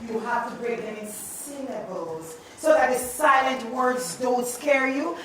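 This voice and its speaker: A woman teacher, leading a playful, animated spelling lesson in a classroom. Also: sits high, a little slow, a crowd in the background. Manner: animated and playful, calls out questions. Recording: echoey classroom, mic at a distance.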